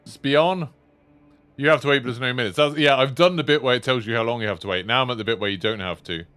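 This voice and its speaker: A man's voice: mid-range voice, racing, pushed and bright, smooth. A man in his thirties chatting casually to viewers while streaming, rambling with lots of fillers. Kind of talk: casual live-stream chat.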